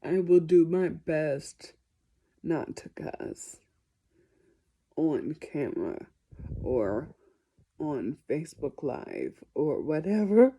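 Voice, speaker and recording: Laid-back woman talking to her camera, super mellow low tone, takes her time. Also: big pitch swings, drawn-out words, long pauses, husky. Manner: chatty and self-deprecating, often apologizing. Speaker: musician answering viewer questions. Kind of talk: casual question-and-answer vlog.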